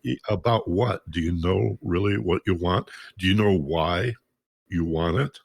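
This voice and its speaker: A man's voice: low voice, unhurried, creaky, husky, no echo, studio quality. A male podcast host asking thoughtful, probing questions in a musing way. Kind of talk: reflective interview talk.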